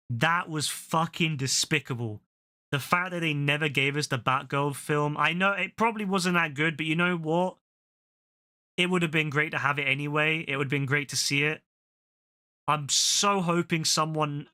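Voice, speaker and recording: A man's voice: fairly high pitch, bright, forceful tone. A young man ranting and swearing during casual live-stream chat, often repeating himself as he goes. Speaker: game streamer.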